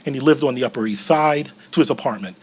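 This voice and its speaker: A middle-aged man giving a keynote speech as a personal story, animated and acting out voices, slowing and softening at tender moments. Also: husky. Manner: animated, acts out quoted voices with big pitch swings; slows and softens at emotional moments. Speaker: keynote speaker.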